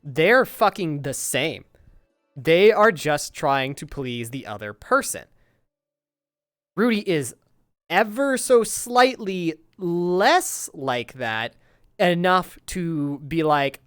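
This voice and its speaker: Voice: mid-range voice, very animated, takes it slowly, a bit bright, smooth, dry recording, studio quality. A streamer chatting casually to viewers out of character, rambling and exasperated, swearing heavily. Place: at home, recording in virtual reality.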